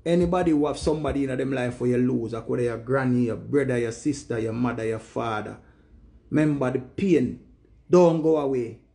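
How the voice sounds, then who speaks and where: A grieving vlogger with a Jamaican accent speaks emotionally to the camera, talking emphatically and repeating himself in patois. His mid-range voice is brisk and mellow, with some vocal fry.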